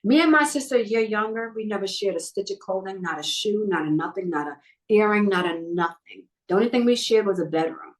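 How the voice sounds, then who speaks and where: A woman's voice: mid-range voice, animated, fairly quick, poor audio. A middle-aged woman from New York telling a personal story in a podcast interview, acting out what other people said. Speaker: guest.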